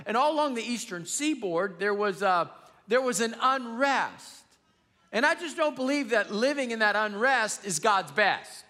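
A man preaching a sermon as pastor, telling a story with humor in an animated, emphatic way and. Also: extremely high pitch. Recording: long reverb of a large hall.

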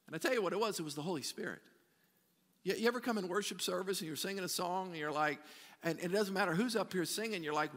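A man's voice: sits high, quick pace, a bit bright. A man pastor preaching a sermon in a church sanctuary, talking conversationally with repeated words and asides to the congregation. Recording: reverberant church hall.

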